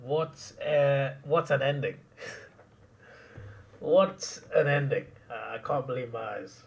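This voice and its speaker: Excitable man reacting live. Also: medium pitch, a little slow, gravelly, distant mic. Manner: excitable, laughs often, trails off into mumbles. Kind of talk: casual live match reaction.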